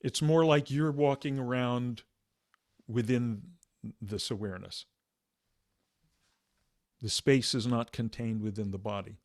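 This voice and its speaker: A man leading a meditation discussion, speaking softly and reflectively with halting restarts. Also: medium pitch, fairly even intonation, dry recording, studio quality. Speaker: meditation teacher.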